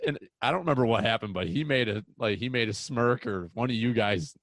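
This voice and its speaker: A young man hosting a casual hunting podcast, telling rambling, excitable stories. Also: medium pitch, fairly quick, dry recording. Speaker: podcast host.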